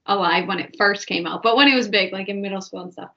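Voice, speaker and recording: A woman's voice: mid-range voice, fast talker, sharp tone. A woman in her twenties hosting a podcast, chatty and giggly, saying "like" often. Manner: giggly, chatty, says "like" a lot. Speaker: podcast host. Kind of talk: casual chat. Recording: dull lo-fi podcast audio.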